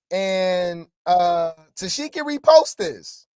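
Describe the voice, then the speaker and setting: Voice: medium pitch, moderate pace, darkish tone, no echo, studio quality. A gossip commentary host talking casually and rambling, with many fillers. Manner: rambling, lots of fillers and restarts.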